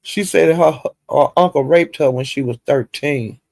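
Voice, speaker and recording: Gravelly man dishing profane gossip. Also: on the high side, moderate pace, dry recording. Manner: animated, profane, drawling storytelling. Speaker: livestream host. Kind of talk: casual gossip commentary.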